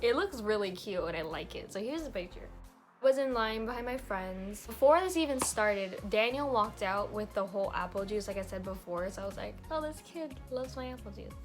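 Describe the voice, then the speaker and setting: A woman's voice: medium pitch, brisk, soft background music. A young woman vlogger telling a casual storytime, bubbly and chatty, full of "like" and "literally".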